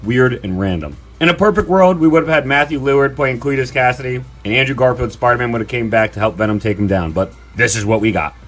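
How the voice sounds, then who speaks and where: A man delivering ranking commentary in an animated, exasperated ranting manner. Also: mid-range voice, quick pace, few pauses, faint music behind. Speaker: video commentator.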